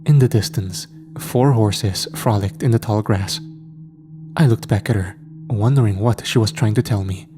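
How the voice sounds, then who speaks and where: A man calmly narrating a horror story in a measured, scripted way. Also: fairly low pitch, over music.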